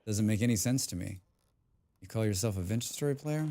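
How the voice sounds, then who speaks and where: A man's voice: lowish voice, expressive, a little fast, dark tone. A man casually chatting on a game live stream, humming and mumbling nonsense sounds between remarks. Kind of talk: casual live-stream chat while playing.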